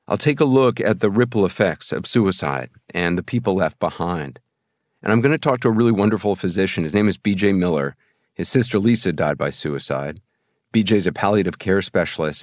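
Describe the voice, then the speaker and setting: A man in his fifties hosting a podcast, speaking in a soft, thoughtful way with frequent pauses and fillers. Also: sits low, dry recording, clean studio sound. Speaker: podcast host. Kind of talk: reflective podcast conversation and narration.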